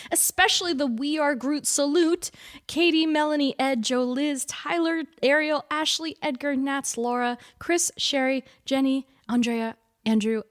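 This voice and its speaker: A woman co-hosting a casual pop-culture podcast, bubbly and gushing, laughing often as she talks. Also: high voice. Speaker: podcast co-host.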